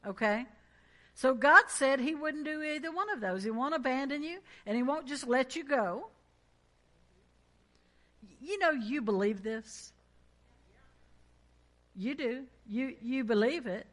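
A woman's voice: high voice, expressive, unhurried, long pauses, fairly bright tone. A woman preaching a sermon in an emphatic, conversational way, reading scripture and prompting the congregation to respond.

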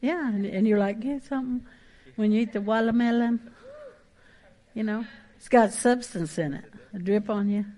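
A woman pastor, preaching a sermon in a folksy, emphatic way with quick asides and rising exhortations. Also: medium pitch, dark tone.

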